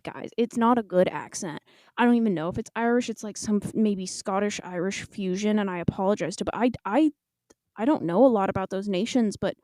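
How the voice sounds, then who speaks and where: A woman's voice: medium pitch, warm tone, no echo. A woman in her twenties, a podcast co-host, tells a rambling story in a chatty, self-mocking way. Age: 20s.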